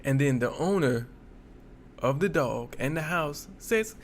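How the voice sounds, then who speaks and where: A male reaction host giving casual, joking commentary, laughing and telling an animated story. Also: medium pitch, a little slow.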